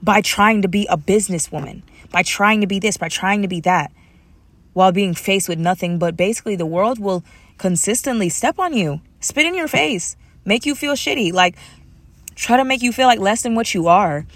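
Animated woman podcaster, casual talk. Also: medium pitch, moderate pace, no echo. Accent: African American English. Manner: animated, switches into playful voices quoting her mother. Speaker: podcast host.

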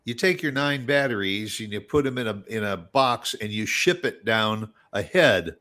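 A man's voice: on the low side, lively intonation, moderate pace, sharp tone. A man co-hosting a podcast, chiming in with short remarks in casual chat. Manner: chimes in with short remarks and laughs. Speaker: podcast co-host.

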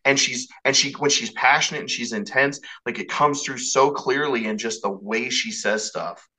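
Bright-voiced man hosting, rambling. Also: mid-range voice, normal speed, poor audio. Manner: rambling, casual, swears, restarts a lot. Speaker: podcast host. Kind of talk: casual interview chat.

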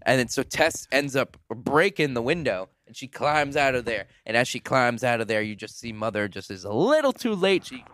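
A man's voice: medium pitch, sing-song, moderate pace, few pauses, a bit bright. A man co-hosting a casual movie review, plainly recounting the plot and chiming in with jokes. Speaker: co-host of a movie review show.

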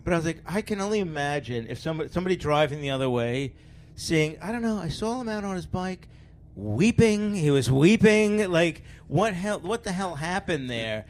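A middle-aged guest comedian from the Philadelphia area chats casually on a podcast, his voice on the high side, expressive, and moderately paced. He rambles, pokes fun at himself, and tells stories punctuated by frequent laughs.

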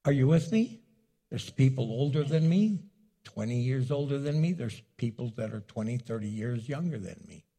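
A middle-aged man preaching a sermon as pastor, animated and acting out little dialogues. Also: mid-range voice, normal speed. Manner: animated, acts out dialogue with the congregation.

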